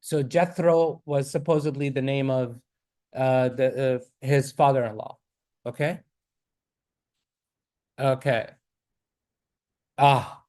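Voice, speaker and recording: A man teaching a class in a mosque, reading Arabic verses rapidly and then explaining them. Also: mid-range voice, fairly even intonation, a little mellow.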